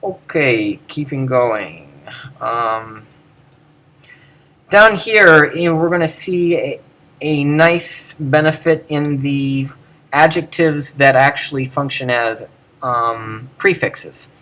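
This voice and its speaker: A middle-aged man giving an unscripted video lecture, thinking aloud with many pauses, fillers and restarts. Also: medium pitch, pushed and bright. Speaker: lecturer on Greek pronunciation.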